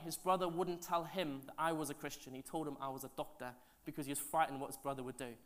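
Animated pastor preaching. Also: male voice, on the high side. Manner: animated, swings between loud and hushed; chatty, asides to the congregation. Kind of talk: sermon storytelling.

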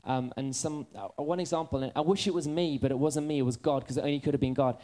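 A man's voice: medium pitch, fairly even intonation, fast, warm tone. A man preaching a sermon in a church, telling stories with humor that pokes fun at himself. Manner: humorous, self-deprecating storytelling.

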